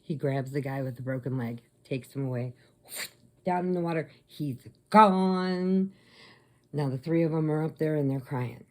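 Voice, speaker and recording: A woman casually retelling a movie plot, chatty, slipping into quick voices for the characters. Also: deep voice. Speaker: crochet vlogger.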